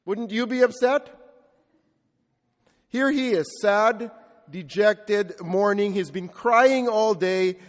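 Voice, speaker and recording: Slow and high-pitched, pausing often, the priest continues his sermon amid the long reverb of a big church. He tells reflective stories and leans on rhetorical repetition.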